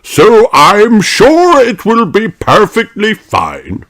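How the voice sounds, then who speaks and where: A reader voicing a cheerful, energetic old male rabbit in a storybook, in a loud, jolly and exclamatory manner. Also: mid-range voice, slow pace, voice pushed up, exaggerated voice. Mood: jolly, excited.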